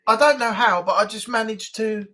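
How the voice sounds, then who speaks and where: A man's voice: sits high, moderate pace, sharp tone. A man hosting a casual live-stream chat, talking in a rambling, easygoing way with frequent laughs.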